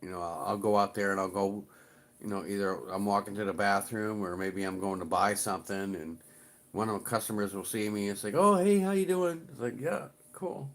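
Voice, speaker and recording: A man's voice: low voice, level tone, brisk, fairly bright tone. A middle-aged man chatting casually on his livestream, rambling and swearing a little as he greets viewers. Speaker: livestream host.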